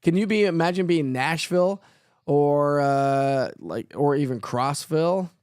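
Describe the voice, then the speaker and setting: A man's voice: a little high, a little slow, darkish tone, clean tone, no room sound, clean studio sound. A man hosting a casual live weather show, chatty and playful, who jokes at his own expense and laughs often. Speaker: weather forecaster host.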